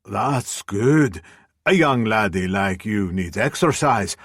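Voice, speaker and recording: A man's voice: lowish voice, expressive, slow, a bit bright, dry recording, studio quality, exaggerated voice. A man voicing an older Scottish woman who runs a pub, friendly and chatty, with a Scottish accent.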